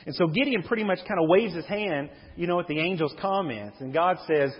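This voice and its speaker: Man, pastor, sermon, husky, long hall reverb, dull lo-fi sound. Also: fairly high pitch, a little fast. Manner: animated preaching, reads scripture aloud. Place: church sanctuary.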